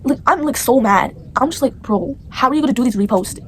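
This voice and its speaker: A woman's voice: sits high, quick pace, slight background noise. A young female vlogger telling a storytime to the camera in a rambling, indignant way, with many fillers.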